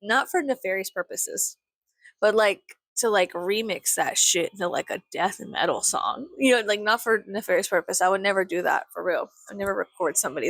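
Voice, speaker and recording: A woman rants through a story in a loose, rambling vlog style. She is sarcastic and swears freely. Her voice sits in a middle pitch with dry, close sound. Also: gravelly, fairly bright tone, no echo. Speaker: vlogger. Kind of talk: casual storytime rant.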